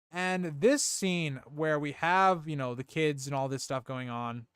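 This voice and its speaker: Animated young man reviewing on stream. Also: on the high side, clear, resonant tone, dry recording, studio quality. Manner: animated and exclamatory, heavy on "like" and "dude". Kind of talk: casual live-stream review chat.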